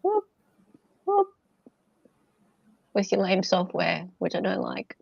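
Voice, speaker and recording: Lively woman co-hosting a stream. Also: mid-range voice, slow pace, gravelly, husky, dry recording. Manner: chatty, animated storyteller with laughs. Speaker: stream co-host. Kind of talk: casual chat. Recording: dull dry lo-fi sound.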